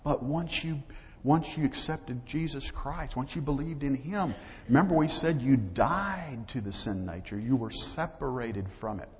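A man's voice: medium pitch, a little slow, a little hiss or hum. A man preaching a sermon as pastor, talking conversationally and acting out little dialogues. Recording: dull lo-fi audio with long hall reverb.

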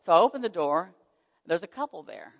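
A woman telling a personal faith testimony in an animated storytelling manner. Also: on the low side, a little fast, gravelly. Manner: animated storytelling, squealing excited quotes. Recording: dull muffled sound with long hall reverb.

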